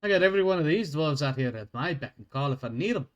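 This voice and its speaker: A man voicing a gruff male dwarf guard who swears and talks in a rough dialect. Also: a little high, lively intonation, quick pace, muffled recording, close to an everyday voice. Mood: scornful.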